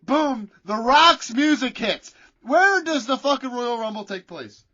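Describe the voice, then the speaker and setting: A man's voice: very high-pitched, lively intonation, measured pace, sharp tone. A man co-hosting a wrestling podcast, telling a rambling, profane story in casual chat. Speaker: podcast co-host. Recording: dull lo-fi sound.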